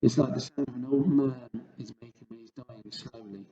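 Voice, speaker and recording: A man's voice: medium pitch, fairly even intonation, normal speed, creaky, dull audio, crowd noise, voice pushed up, close to an everyday voice. A man voicing a kindly male giant who speaks in earnest, mangled grammar.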